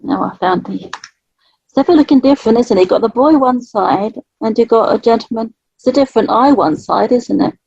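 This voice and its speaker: Casting: warm-voiced woman, higher pitch, dry close sound, slightly muffled. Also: brisk, breathy edge, dry recording. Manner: gentle, chatty, laughs often. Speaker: spirit artist. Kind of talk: live psychic drawing session.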